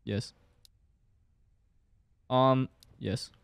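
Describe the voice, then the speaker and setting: A man's voice: mid-range voice, steady tone, drawn-out words, vocal fry, smooth, no room sound. A young man gives jumpy commentary while playing a horror game, talking to himself and swearing now and then. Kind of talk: gameplay commentary.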